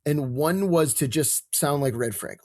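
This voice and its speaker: A man with a fairly high voice talks as a podcast guest, chatty and quick to laugh, padding his points with "you know." He sounds relaxed in the conversation. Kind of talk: casual chat.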